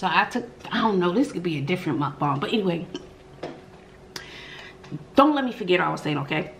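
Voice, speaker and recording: A middle-aged woman hosting an eating show, chatting and telling stories between bites, with drawn-out "mm-mm" asides. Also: lowish voice, expressive, background noise. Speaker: mukbang host. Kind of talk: chatty storytelling while eating.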